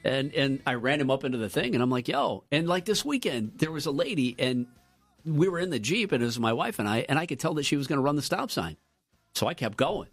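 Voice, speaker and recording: A man co-hosting a radio morning show, telling stories casually and jumping up in pitch when he quotes people. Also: brisk, soft background music. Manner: animated, jumps up in pitch for quoted lines. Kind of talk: casual storytelling chat. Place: radio studio.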